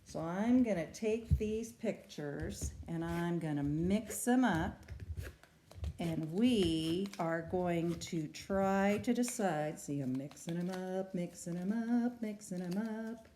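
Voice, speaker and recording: Slow, gentle-voiced woman teacher. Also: lowish voice, a little hiss or hum. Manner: slow, patient, sounding out letters for young children. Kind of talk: early-learning phonics lesson.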